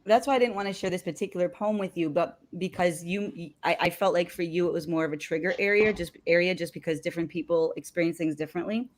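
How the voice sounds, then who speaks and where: Lower-voiced woman chatting animatedly. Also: fast, few pauses. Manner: animated, frequent "like" fillers. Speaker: co-host. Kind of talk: casual live discussion.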